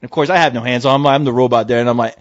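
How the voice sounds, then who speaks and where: A man co-hosting a podcast, telling a story in casual chat, swearing and breaking into shouted impressions. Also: medium pitch, racing, dry recording. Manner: animated, swearing, jumps into loud shouted impressions of people. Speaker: podcast co-host. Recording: dry, dull lo-fi audio.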